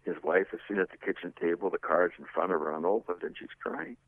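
A middle-aged man giving a personal storytelling talk on servant leadership, expressive and full of rhetorical questions, moving between emphatic and hushed. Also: low-pitched, fast, no room sound. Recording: tinny phone-like radio audio.

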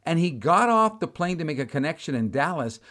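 A middle-aged male preacher tells a story in a dramatic, animated way, his speaking voice sitting a little high. His pitch swings widely as he recounts exasperating moments in a storytelling sermon. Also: fairly quick.

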